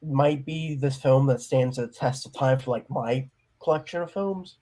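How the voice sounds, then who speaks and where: In a relaxed livestream conversation, a young filmmaker appearing as a guest discusses his own film in a mid-range, dark voice, taking his time. He comes across as eager but hesitant, with frequent restarts.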